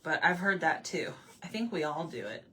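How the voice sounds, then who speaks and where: A woman's voice: low-pitched, lively intonation, moderate pace, background noise. A woman chatting casually with her livestream viewers while she paints at home, answering their comments and laughing often. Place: home room with desk.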